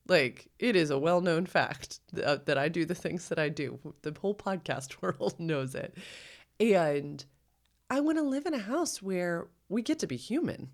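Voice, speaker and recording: A woman's voice: fairly low pitch, big pitch swings, a little slow. A woman co-hosting a podcast, talking earnestly and reflectively in casual conversation, acting out her own quoted thoughts. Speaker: podcast co-host.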